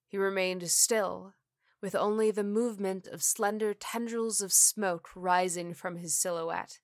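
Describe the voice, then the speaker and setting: Woman narrating a creepy story, slow and careful, kinda low, very dry close mic. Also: fairly even intonation, no echo. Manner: measured, deliberate reading. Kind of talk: scripted horror story narration.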